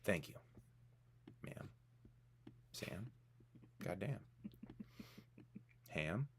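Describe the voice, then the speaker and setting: A man's voice: fairly low pitch, lively intonation, normal speed, a bit bright, a little hiss or hum. A man in his thirties co-hosting a casual live-stream podcast, joking around and greeting viewers in the chat by name. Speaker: podcast co-host.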